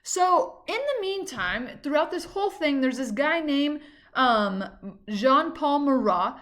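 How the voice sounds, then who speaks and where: A woman's voice: sits high, big pitch swings, takes it slowly, fairly bright tone. A woman teacher giving a recorded history lesson in a casual, chatty way, with frequent "um" and "like".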